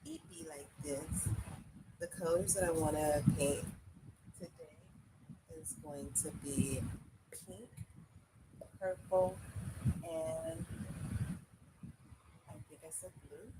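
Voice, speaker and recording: Chatty woman streaming over loud noise. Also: deep voice, takes it slowly, pauses often. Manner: candid, vents freely, chatty and loose. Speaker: livestreamer. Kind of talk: casual live-stream chat while painting. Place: indoors at home.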